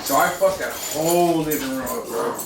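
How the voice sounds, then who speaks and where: A young man in his twenties co-hosting a podcast, telling party stories in animated, profane casual chat. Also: fairly high pitch, moderate pace. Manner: animated, profane, acts out quoted voices. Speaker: podcast co-host. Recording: roomy, distant mic, noisy.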